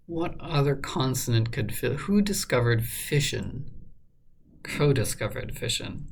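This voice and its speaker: A man solving a crossword out loud, muttering guesses and filling pauses with lots of ums and uhs. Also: medium pitch, expressive, vocal fry, slightly rough. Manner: muttering, hesitant, many fillers. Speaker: crossword solver. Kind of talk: thinking aloud while solving a puzzle.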